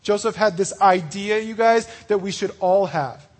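A man giving a casual youth sermon, chatty and full of "like" and "you know", acting out the story's speakers in quick asides. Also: high-pitched. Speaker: youth pastor.

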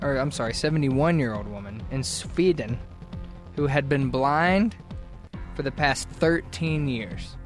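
A man's voice: mid-range voice, soft background music. A man hosting a casual comedy news show, reading stories and joking along. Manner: playful, quick to laugh, reading stories aloud.

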